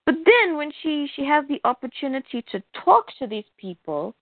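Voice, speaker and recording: A woman's voice: high-pitched, big pitch swings, moderate pace, no room sound. A woman co-hosting a casual comic book podcast, talking in an exasperated way and mockingly acting out the characters she complains about. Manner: exasperated, counts aloud, mimics characters mockingly. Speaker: podcast co-host. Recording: dry tinny phone-like sound.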